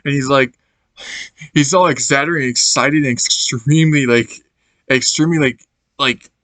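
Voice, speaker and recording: A man's voice: medium pitch, normal speed, fairly bright tone, dry recording. A man casually reviewing a movie for his channel, rambling and searching for words as he laughs along.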